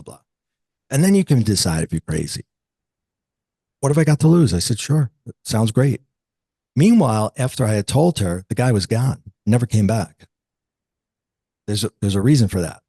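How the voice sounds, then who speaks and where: A man in his late forties, an interview guest, telling a personal story in a lively conversational way and acting out the voices of the people in it. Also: on the low side, husky, dry recording. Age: 40s. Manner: animated, acts out quoted dialogue.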